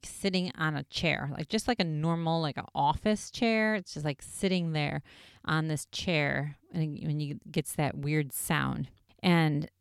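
A woman casually recapping an episode in a chatty, excitable way, full of "like" fillers. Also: deep voice, smooth, no room sound, studio quality.

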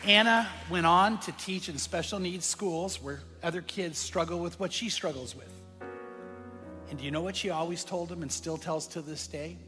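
A man's voice: on the high side, moderate pace, music in the background. A man preaching a sermon, telling a story earnestly and speaking straight to his congregation. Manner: earnest storyteller who addresses the congregation directly. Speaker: pastor. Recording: long hall reverb.

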